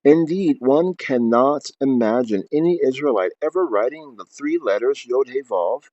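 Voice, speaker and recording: A man's voice: medium pitch, animated, moderate pace, darkish tone, muffled recording. A man reading aloud from his book, then explaining at length off the cuff with many fillers and restarts.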